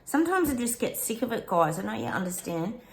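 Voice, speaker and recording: A woman's voice: on the high side, very animated, brisk, slight background noise. A middle-aged woman with an Australian accent, a psychic vlogger venting in a casual rant straight to her viewers. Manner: frustrated, venting, talks straight to her audience.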